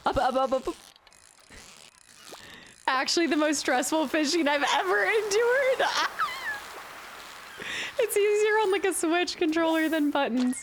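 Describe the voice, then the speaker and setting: A woman's voice: extremely high pitch, unhurried, pauses often, a little hiss or hum. Chatty young woman streaming a game. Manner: chatty, excitable, laughing. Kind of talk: casual game live stream.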